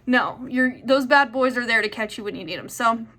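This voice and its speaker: A woman's voice: fairly high pitch, moderate pace, pushed and bright. A young woman answering viewer questions in a chatty, rambling way with lots of fillers. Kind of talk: casual chat.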